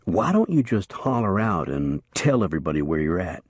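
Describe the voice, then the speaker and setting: A man's voice: deep voice, big pitch swings, moderate pace, slightly rough, no echo, studio quality, heavily acted. Man doing a terse, firm ranger. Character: steady young male Texas ranger.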